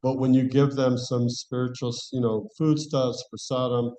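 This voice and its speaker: Mellow-voiced man giving a scripture class. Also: medium pitch, little pitch movement, moderate pace, poor audio. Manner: conversational, restarts phrases. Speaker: class speaker.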